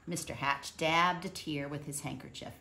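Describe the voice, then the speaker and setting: A woman calmly reading a children's picture book aloud. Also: low-pitched, normal speed, background noise. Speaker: storybook reader.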